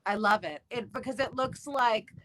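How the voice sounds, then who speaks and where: A woman chatting as a guest on a live stream. Her voice is bright and clear at a middling pitch. She talks thoughtfully, with careful wording and a self-deprecating streak. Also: moderate pace, rough recording. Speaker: guest, actress. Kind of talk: casual live-stream chat.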